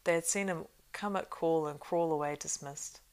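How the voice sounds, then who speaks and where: A woman reading a fantasy audiobook, narrating in a steady, unhurried way. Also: deep voice, clear, resonant tone. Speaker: audiobook reader.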